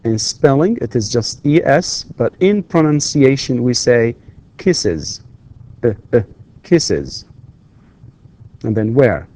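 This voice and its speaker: Mellow-voiced male English lecturer. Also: mid-range voice, animated. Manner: slow, patient explaining with repetitions and hesitations. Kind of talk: recorded distance-learning lecture.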